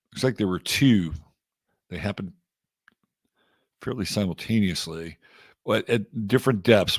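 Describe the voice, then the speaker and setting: Reading off items and greeting viewers one by one by name, a middle-aged man from Texas with a low voice hosts an astrology livestream. His easygoing, chatty talk keeps the stream loose and unhurried. The recording is close and dry, without room echo.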